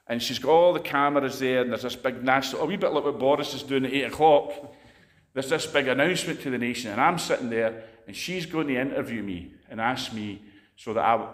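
Man, Scottish accent, preacher, conversational sermon, anecdotal storytelling, roomy echoey sound. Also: mid-range voice.

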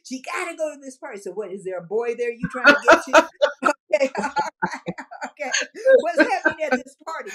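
An older woman answering interview questions with animated storytelling, emphatic repetition and frequent laughter. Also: sits high, fairly quick, crowd noise. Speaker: interviewee, businesswoman.

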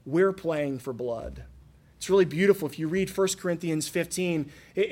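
Man, thirties, pastor preaching, earnest storyteller, rhetorical questions, fairly high voice. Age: 30s. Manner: earnest storytelling, rhetorical questions, swings between loud and hushed. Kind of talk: sermon.

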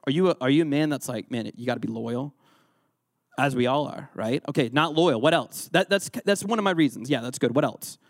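A man's voice: fairly high pitch, expressive, fast talker, few pauses, dry recording, clean studio sound. A man leading an interactive Bible lesson as a youth pastor, quizzing his listeners and joking along the way. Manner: playful, joking, quizzes the audience.

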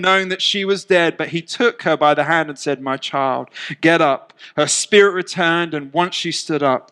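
A man's voice: on the high side, a bit bright, smooth. A man preaching a sermon, reading scripture aloud and acting out the quoted lines, with jokey, conversational asides between readings. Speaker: pastor.

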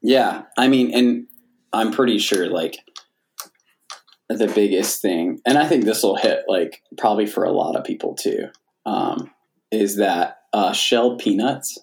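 A man co-hosting a podcast, talking casually and relaxed, often just listening with quiet "mm"s. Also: on the low side, a little slow, creaky, slight background noise. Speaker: podcast co-host. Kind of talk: casual chat.

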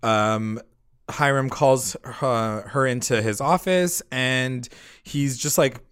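A man's voice: mid-range voice, slow pace, fairly bright tone, smooth. A man co-hosting a casual podcast, recapping a TV episode and acting out quoted lines in mocking voices. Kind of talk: casual chat.

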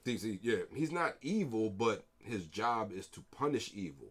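Podcast co-host, male, animated and profane, wide pitch swings, faint hiss underneath. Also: normal speed. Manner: animated, swearing, laughing often. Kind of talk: casual chat.

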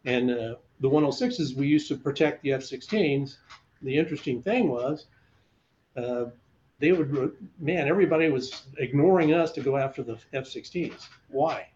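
Heard over dull audio with slight background noise, an older man speaks at a normal speed in a mid-range voice. He's a retired fighter pilot sharing stories in a conversational interview, animatedly voicing the people he quotes.

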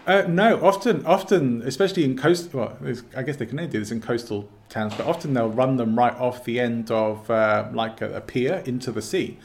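A man with an English accent, explaining his views as an interview guest in a calm, measured way. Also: medium pitch. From England. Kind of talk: casual interview talk.

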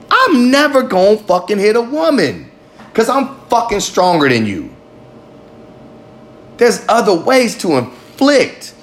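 Man, podcast host, casual monologue, swears a lot, rambling, emphatic, mid-pitched voice.

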